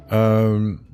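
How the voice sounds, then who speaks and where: Chatty man, low voice. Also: mellow, clear, resonant tone. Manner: rambling, chatty, talks to viewers. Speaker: livestream host. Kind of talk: casual live-stream chat.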